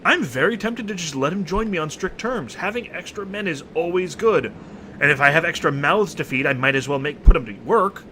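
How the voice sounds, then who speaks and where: Lively man reading a game playthrough. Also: fairly high pitch, brisk, a little hiss or hum. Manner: reads game text aloud, reacts with laughs and groans. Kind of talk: casual game playthrough commentary. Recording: soft game music behind.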